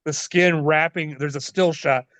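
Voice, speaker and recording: Profane, animated man telling wrestling stories. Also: on the high side, unhurried, no echo. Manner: profane, animated, laughs often. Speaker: wrestler guest. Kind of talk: casual storytelling. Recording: dull lo-fi dry sound.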